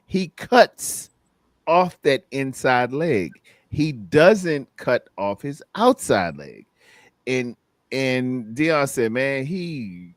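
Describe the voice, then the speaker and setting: A man co-hosting a casual sports chat, animated and laughing often as he acts out quotes. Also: medium pitch, no echo. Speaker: co-host. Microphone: streaming mic.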